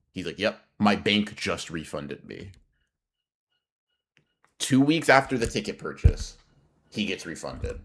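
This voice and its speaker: Young male podcast co-host, low-pitched, animated slangy storyteller. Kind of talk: casual storytelling chat.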